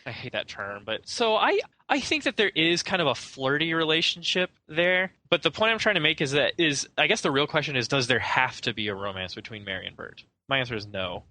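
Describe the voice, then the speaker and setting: A man's voice: fairly high pitch, expressive, fairly quick, hardly any pauses, pushed and bright. A man co-hosting a casual film podcast, rambling and hesitant, often trailing off with "I don't know.". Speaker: podcast co-host.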